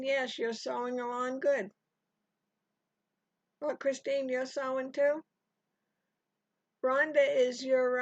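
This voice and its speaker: With a high voice and no room sound, an older woman teaches a live stitch-along in a relaxed tutorial chat, wandering off topic and saying hello to viewers by name. The stream sound is dry, dull and lo-fi.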